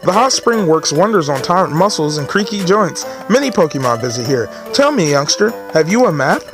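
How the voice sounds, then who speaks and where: A man voicing a kindly old male creature who minds a hot spring, with a gentle, grandfatherly manner. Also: a little high, big pitch swings, moderate pace, music in the background.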